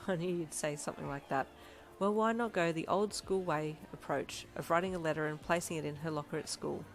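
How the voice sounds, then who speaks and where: A woman reading a fanfiction audiobook, voicing a kind, cheeky young man who speaks softly in a relaxed, teasing way. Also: sits low, fairly quick, faint music behind. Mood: gentle, wry. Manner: relaxed, gently teasing, soft-spoken.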